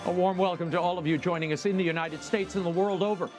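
A man hosting a broadcast program, reading the news and interviewing a guest in a measured newsreader manner. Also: high voice, fairly even intonation, music in the background. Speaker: TV host.

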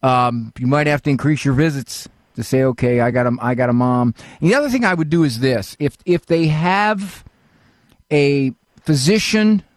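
A man's voice: medium pitch, expressive, moderate pace, dry recording, studio quality. An older man hosting a call-in advice show, folksy and fatherly, often acting out what other people say. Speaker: radio call-in host, psychologist.

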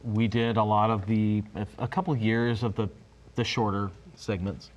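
A man in his fifties, a guest on a talk show, telling a story in a halting way with frequent restarts. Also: lowish voice, steady tone, highs cut off. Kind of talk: casual storytelling.

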